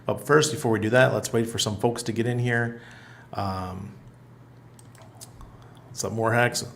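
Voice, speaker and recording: A middle-aged man hosts a casual livestream from an apartment in Panama, reading viewer comments aloud in a loose, chatty manner and laughing often. His voice is fairly low, steady, unhurried and gravelly, a bit bright, with slight background noise.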